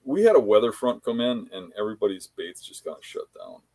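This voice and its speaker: A man's voice: on the low side, sing-song, brisk, mellow, no room sound. A man, a podcast guest telling hunting stories in a laid-back, rambling way full of fillers. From Wisconsin. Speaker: podcast guest, bear hunter. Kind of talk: casual anecdotal storytelling.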